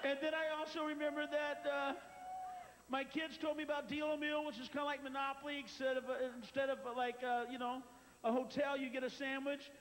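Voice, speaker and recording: A man's voice: very high-pitched, little pitch movement, fairly bright tone, long reverb tail, slight background noise, rough recording. A man voicing a tearful heavyset woman who rambles and stalls through her story. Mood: earnest. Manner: rambling and halting.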